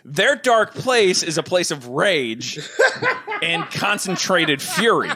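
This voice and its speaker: A man joking around as podcast co-host, his voice bright and sharp in tone. His pitch swings widely as he teases, and it sits slightly high for a man. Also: sing-song, slow. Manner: joking banter, teasing. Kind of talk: casual podcast chat.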